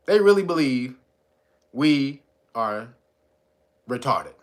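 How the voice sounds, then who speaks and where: In casual commentary, a man retells a story with animation, swearing freely and acting out the voices of the people he quotes. His voice is mid-range and slow.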